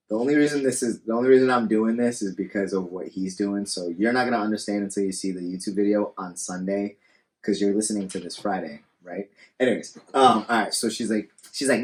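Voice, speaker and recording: A man's voice: on the low side, fairly quick. A man co-hosting a casual podcast. He speaks bluntly and swears a lot, and he acts out hypothetical arguments. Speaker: podcast co-host. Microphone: studio podcast mic.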